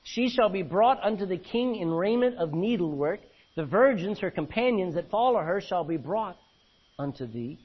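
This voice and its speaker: A man pastor preaching a sermon, reading old-fashioned scripture aloud and swinging between loud emphasis and low, quiet lines. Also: animated, normal speed, husky. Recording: dull lo-fi recording.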